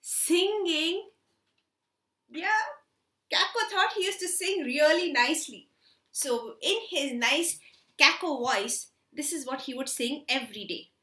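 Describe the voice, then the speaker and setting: Woman storyteller for kids' class, high and slow, echoey room. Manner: expressive, slow and animated, with many questions to kids. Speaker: storytelling craft teacher. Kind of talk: children's storytelling lesson.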